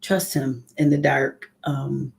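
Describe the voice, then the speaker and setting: A woman's voice: extremely low pitch, little pitch movement, slow pace, vocal fry, a little mellow. A woman leading a live morning devotional, speaking in a heartfelt, conversational way and greeting viewers by name. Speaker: ministry leader.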